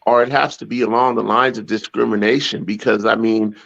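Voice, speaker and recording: A man with a gravelly voice co-hosts a casual talk show. He speaks haltingly, repeating and restarting words as he works out his point. The recording sounds dull and lo-fi. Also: on the low side, steady tone, fairly bright tone. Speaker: podcast co-host.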